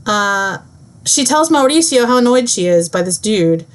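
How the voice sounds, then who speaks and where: A woman's voice: medium pitch, animated, moderate pace. A young woman student giving a chatty, casual book summary, full of fillers. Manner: chatty, lots of fillers, breezy.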